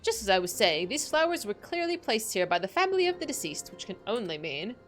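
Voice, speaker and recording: A woman voicing a grieving old woman who tells dark legends in a theatrical, wailing way. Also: a little high, big pitch swings, fairly quick, soft background music. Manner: theatrical, wailing, archaic storytelling. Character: grieving old woman, dramatic and doom-crying.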